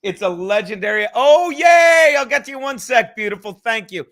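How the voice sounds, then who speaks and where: Man, podcast host, high voice, profane rambling chat. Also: quick pace. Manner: profane, rambling, animated storytelling. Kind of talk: casual livestream chat.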